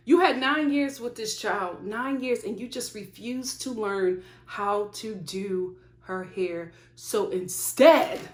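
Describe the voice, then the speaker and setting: A woman reviewing a reality TV show in casual commentary to the camera, animated and exclaiming in disbelief, recorded in a room at home. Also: medium pitch, slow, few pauses. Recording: roomy echo.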